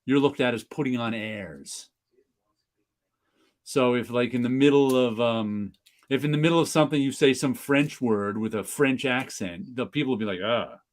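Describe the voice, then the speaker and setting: A man's voice: medium pitch, normal speed. A man hosting a casual podcast chat, joking and slipping into mock voices. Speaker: podcast host.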